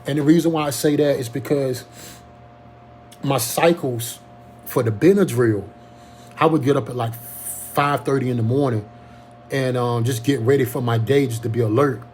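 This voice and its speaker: Earnest man, halting, warm voice. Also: mid-range voice, slight background noise. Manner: halting, earnest, frequent restarts and ums. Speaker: Covid survivor telling his story. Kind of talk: casual personal testimony.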